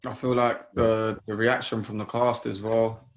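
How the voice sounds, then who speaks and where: A man's voice: fairly low pitch, flat delivery, measured pace. A man co-hosting a podcast, chatting casually and hesitantly, hedging with fillers. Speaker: podcast co-host. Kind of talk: casual chat.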